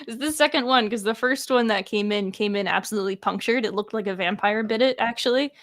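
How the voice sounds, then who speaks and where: Woman, podcast co-host, higher voice, giggly, chatty, halting. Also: no room sound. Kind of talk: casual livestream chat.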